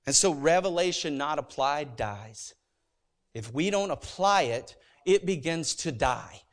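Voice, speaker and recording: An animated male pastor preaches a sermon in church. His voice sits a little high, and he mixes joking asides with firm, emphatic points. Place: church sanctuary.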